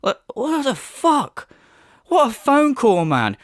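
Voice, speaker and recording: A man's voice: very high-pitched, takes it slowly, no echo, clean studio sound. A man hosting a commentary video, sarcastic and swearing, mocking what he reacts to. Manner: sarcastic, swears a lot, lively mocking impressions.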